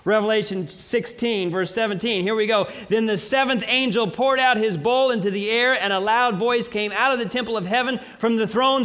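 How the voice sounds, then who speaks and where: A man preaching a sermon, reading scripture aloud and building to dramatic, slowly emphasized declarations. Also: sits high, a bit bright, long reverb tail. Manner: preaching with dramatic swells and slow emphatic pauses.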